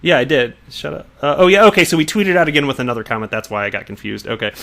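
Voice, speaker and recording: A man's voice: mid-range voice, fast talker, vocal fry, fairly bright tone. A man hosting a crypto news channel, giving casual commentary on news pieces and tweets with frequent chuckles, amused asides and self-corrections.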